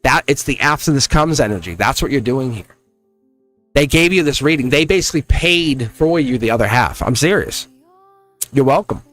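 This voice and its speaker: A man giving a live-stream tarot reading, emphatic and animated, laughing often and slipping into a scolding teacher tone. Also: mid-range voice, normal speed, soft background music. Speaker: tarot reader.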